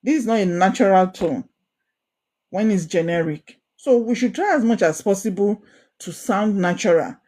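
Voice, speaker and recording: A woman's voice: mid-range voice, lively intonation, moderate pace, dark tone. A woman leading a coaching workshop, speaking emphatically and repeating her points to drive them home. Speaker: workshop facilitator. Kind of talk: coaching session teaching.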